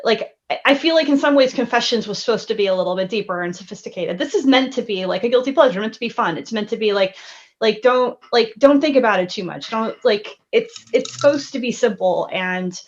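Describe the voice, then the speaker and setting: A woman's voice: on the high side, lively intonation, fairly quick. Rambling woman on a dull, lo-fi line. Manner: rambling, many fillers. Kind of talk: casual album discussion.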